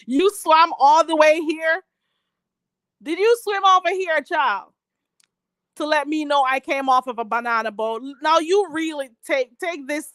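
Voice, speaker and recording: A woman's voice: high-pitched, a bit bright, dry recording. A Jamaican woman ranting on a live stream, sassy and mocking, calling her target "child". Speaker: vlogger.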